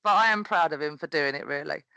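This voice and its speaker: Bright-voiced woman telling stories. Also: sits low, quick pace, vocal fry, no room sound, highs cut off. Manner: animated, laughs often, acts out quoted voices. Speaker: podcast guest, wrestling promo performer. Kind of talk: casual storytelling chat.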